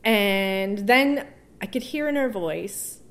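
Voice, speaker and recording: A woman tells a personal story as an interview guest. Her voice sits at an everyday middle pitch. She talks in an emotional, halting way, restarting phrases and laughing softly between them. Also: expressive.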